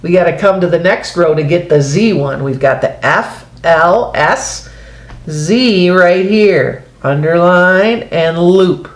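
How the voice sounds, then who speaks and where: A woman's voice: lowish voice, slow pace, reverberant. A woman teaching a reading lesson to young children, patient and sing-song, showing pages as she explains. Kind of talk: early-grade phonics lesson.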